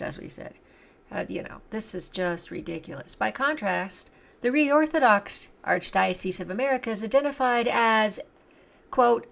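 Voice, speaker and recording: A woman's voice: on the high side, lively intonation, moderate pace, creaky. A woman reading from a document and commenting on it, with scornful, indignant asides between the quotes.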